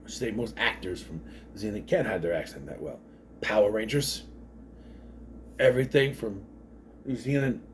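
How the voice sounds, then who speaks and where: A man's voice: lowish voice, normal speed, pauses often, a little hiss or hum. A man giving a casual, rambling recap of a movie, wandering off on tangents and briefly mimicking the characters. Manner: mimics characters' voices mid-story. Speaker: movie reviewer.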